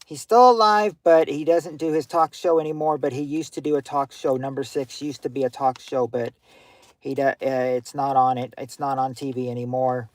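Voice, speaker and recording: Halting man hosting a game stream. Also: medium pitch, steady tone, no echo. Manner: halting, hunts for words with many fillers; gives clues to players, talks to chat. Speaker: livestream game host. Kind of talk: casual livestream game hosting.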